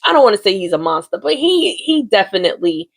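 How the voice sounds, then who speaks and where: A woman vlogger recapping a soap opera in a sassy, slangy, animated way, talking straight to the viewer. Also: medium pitch, fast talker, vocal fry, breathy edge. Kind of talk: casual chatty recap.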